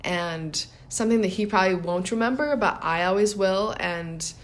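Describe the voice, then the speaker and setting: A woman's voice: medium pitch, moderate pace. A woman in her thirties co-hosting a casual podcast chat. She tells personal stories reflectively and laughs often. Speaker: podcast co-host.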